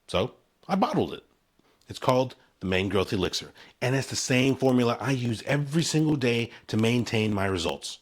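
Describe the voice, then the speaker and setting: A man's voice: mid-range voice, animated, a little fast. A man in his forties talking to camera in an upbeat, punchy promotional style, selling his own hair routine in short emphatic phrases. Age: 40s. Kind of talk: scripted promotional talk to camera.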